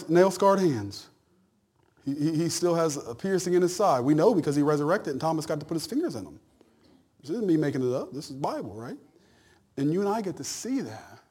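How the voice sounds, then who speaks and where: A man preaching a sermon, emphatic and animated with joking asides. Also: on the high side. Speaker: pastor.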